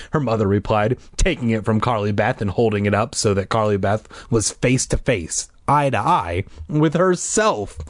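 Man reading a story aloud, joking asides, lively pitch, mid voice, dry close mic. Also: normal speed, no room sound. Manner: irreverent, swears, lively. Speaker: reader. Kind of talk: comedic book reading with asides.

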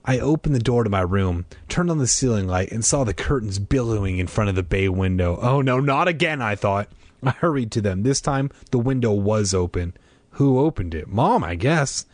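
A man reading a children's horror book aloud, expressive, with casual asides. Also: fairly low pitch, normal speed, no room sound. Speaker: reader.

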